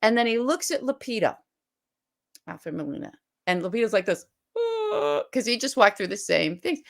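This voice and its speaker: A woman co-hosting a political podcast, talking emphatically and fast and retelling scenes vividly as she makes her case. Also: medium pitch, expressive, vocal fry. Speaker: podcast co-host. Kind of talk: animated political podcast talk.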